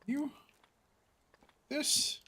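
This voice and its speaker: Drawing out his words in a pushed, bright voice, a man streams a survival game. He thinks aloud about his next moves and chats casually with the viewers in his chat.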